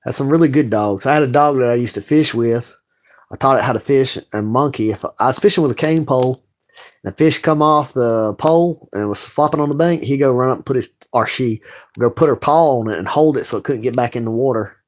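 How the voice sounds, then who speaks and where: A man with a brisk, mid-range voice hosts a late-night livestream from home. He's blunt and rambling, cursing constantly as he rants.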